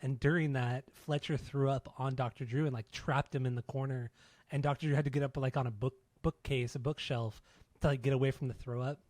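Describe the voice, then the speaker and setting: A man co-hosting a podcast in easygoing chat, swearing freely and breaking into laughter as he tells a story. His voice sits at an ordinary middle pitch. It is recorded close on a studio mic with a dry, dead sound. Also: fairly even intonation, a little fast, a little mellow, no echo. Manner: loose, profane storytelling with frequent laughs. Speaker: podcast co-host. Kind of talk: casual chat.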